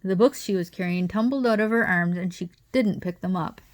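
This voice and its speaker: A woman reading a children's novel aloud as an audiobook narrator, with steady, expressive reading. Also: mid-range voice, fairly quick. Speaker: audiobook reader. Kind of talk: storybook narration.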